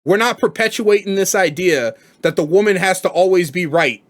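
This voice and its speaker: A man's voice: high voice, normal speed. A man giving blunt, profane reaction commentary, rambling and repeating himself as he makes his points.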